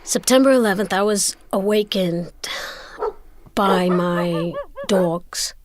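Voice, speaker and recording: Animated woman telling a story. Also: on the low side, slow pace, noisy background. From Brooklyn, New York. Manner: animated, stammering repeats, acts out voices. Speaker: interview guest. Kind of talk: emotional personal storytelling. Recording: music playing underneath.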